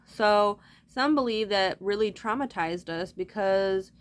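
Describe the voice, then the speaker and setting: A woman's voice: medium pitch, unhurried. A woman talking straight to her viewers in a loose, rambling monologue, swearing freely as she goes. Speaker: vlogger.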